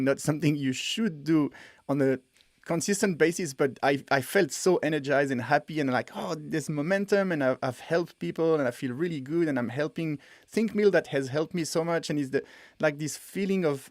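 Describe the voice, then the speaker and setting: A man co-hosting a casual podcast, telling personal stories in an animated way, with frequent restarts. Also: mid-range voice, no room sound, studio quality. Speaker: podcast co-host, developer.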